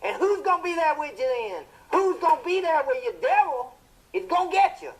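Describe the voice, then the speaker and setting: An actor playing a fiery male television preacher, delivering a sermon in a booming, impassioned style with drawn-out emphatic phrases. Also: animated, poor audio.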